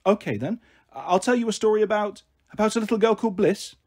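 A man's voice: high voice, expressive, quick pace, darkish tone, pitched above the performer's own voice. A man voicing a protective big-sister girl who spins playful, coaxing fairy stories in a storybook reading.

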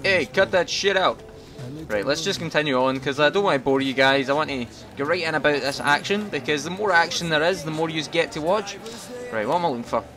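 Over background music, a young man with a fairly high, brisk voice chats and jokes with his viewers as he plays a video game, delivering casual let's-play commentary.

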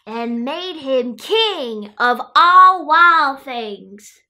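A quirky, childlike storyteller who claims she was raised by wolves reads a picture book aloud, played by a woman. Her voice sits high and bright, and she takes her time, stopping often to chat about herself in the third person. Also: animated, extremely slow, exaggerated voice. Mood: playful. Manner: chatty asides, speaks of herself in third person.

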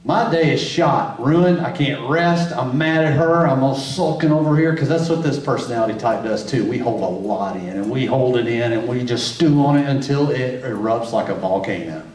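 A man's voice: mid-range voice, normal speed, hardly any pauses, a little mellow, roomy sound, recorded from a distance, poor audio. A man speaking at a marriage conference in a church setting, telling candid, self-deprecating stories about his own marriage. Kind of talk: church talk. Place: church hall.

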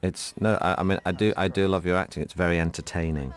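A man from Britain giving a casual film commentary, deadpan and mock self-important, rambling through his stories. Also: deep voice, fast.

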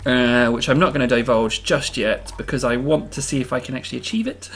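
A man's voice: mid-range voice, expressive, brisk, creaky, hardly any pauses. A man hosting a game video, giving casual, self-amused commentary and thinking aloud as he builds.

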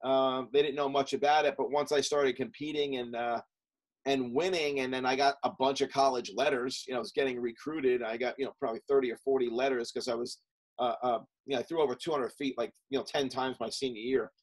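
A middle-aged man, a podcast guest and coach, telling stories from his past in a casual interview, with many fillers and quick lists. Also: mid-range voice, level tone, rough recording.

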